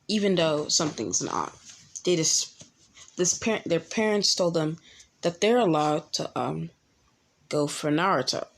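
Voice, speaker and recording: A young woman casually telling a fan-made story, halting often with ums and restarts. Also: deep voice.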